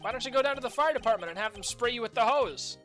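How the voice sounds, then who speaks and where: A woman voicing a dry, sarcastic young male defense lawyer, lowering her voice. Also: quick pace, faint music behind. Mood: deadpan. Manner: deadpan, sarcastic.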